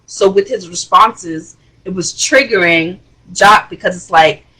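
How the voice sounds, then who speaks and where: A woman hosting a casual reality TV review, chatty and expressive, with rising exclamations. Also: on the low side, a little slow, slightly rough, rough recording. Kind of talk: casual commentary.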